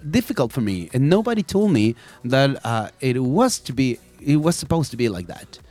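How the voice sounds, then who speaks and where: Lively man hosting radio, faint music. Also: mid-range voice, normal speed. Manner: lively, switches between Spanish and English, stammers on restarts. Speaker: radio co-host, English teacher. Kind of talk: bilingual radio chat. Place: radio studio.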